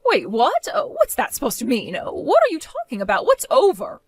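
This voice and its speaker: A woman's voice: high-pitched, wildly swooping pitch, moderate pace, no echo, clean studio sound. Woman doing a bossy, scolding mother-in-law. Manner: demanding, scolding. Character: bossy, controlling middle-aged mother-in-law. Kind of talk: animated storytime voice acting.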